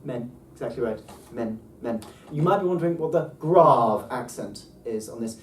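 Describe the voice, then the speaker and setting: A man teaching a casual language lesson with enthusiasm, often pausing on ums and restarting his sentences. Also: medium pitch, expressive. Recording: roomy, distant mic, faint background noise.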